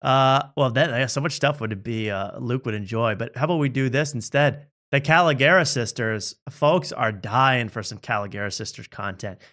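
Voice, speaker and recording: A man's voice: mid-range voice, normal speed, few pauses, a bit bright. A man hosting a comedy talk show, riffing casually and joking about online videos. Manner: joking, mock voices, laughs often. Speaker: comedy podcast host.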